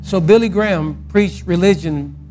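A man preaching a sermon and telling a story, swinging from loud quoted outbursts to a soft, quiet close. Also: high-pitched, moderate pace, soft background music.

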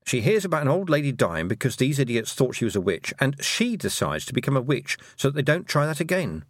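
A brisk, emphatic witch and schoolteacher, as a male reader puts her on, lecturing in a high, swooping voice that leans hard on its words. The read is close and dry, with no room around it. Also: very animated, no echo. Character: brisk, sharp-tongued woman witch and teacher. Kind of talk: audiobook character voice.

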